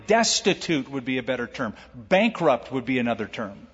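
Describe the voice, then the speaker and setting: Animated preacher guy, husky, big echoey church, muffled recording. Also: medium pitch, moderate pace. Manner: animated, acts out quoted voices with jokes. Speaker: pastor. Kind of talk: sermon. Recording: echoey hall, dull lo-fi sound.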